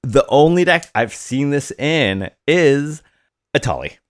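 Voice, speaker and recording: A man co-hosting a casual card-game podcast, talking hesitantly with fillers and quick giggles. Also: mid-range voice, expressive, no room sound, clean studio sound. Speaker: podcast co-host.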